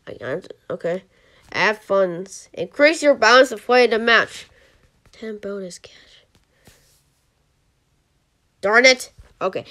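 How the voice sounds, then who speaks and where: A channel host giving rambling commentary on a mobile game, who yelps and groans at misses. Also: female voice, on the high side, bright, forceful tone. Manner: rambling, restarts sentences.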